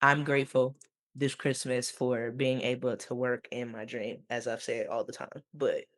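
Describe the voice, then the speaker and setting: A man, a teacher co-hosting a podcast, telling stories in an animated way over a video call, laughing often and going high when quoting. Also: moderate pace. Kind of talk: casual storytelling.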